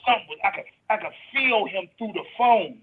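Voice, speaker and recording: Husky man on a tinny phone line. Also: sits high, lively intonation. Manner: halting, emotional, trails off mid-sentence. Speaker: friend on a talk show. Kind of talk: casual heartfelt storytelling.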